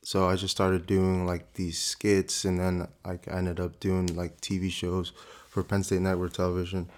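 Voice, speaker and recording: A young man in his twenties, a guest actor, telling his story in a relaxed, casual way with lots of fillers. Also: low-pitched, normal speed. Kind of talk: casual interview conversation.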